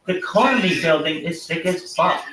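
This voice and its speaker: A man's voice: a little high, animated, moderate pace, roomy sound, far from the mic, noisy background. A young man doing over-the-top, profane, mock-grandiose hype commentary on a livestream.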